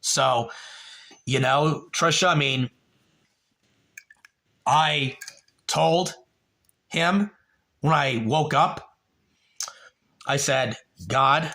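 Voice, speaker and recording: Gravelly, bright-voiced man ranting on a livestream. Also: a little high, extremely slow, long pauses. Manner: rambling, emotional, profane, talks to a viewer by name. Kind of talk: emotional livestream monologue. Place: home.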